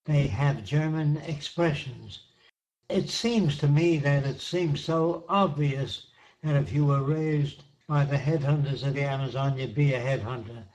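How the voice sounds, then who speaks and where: An older man gives a seminar talk, speaking slowly and emphatically and pressing each point home with simple examples. His voice sits a little high for a man. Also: darkish tone, poor audio. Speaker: lecturer answering questions.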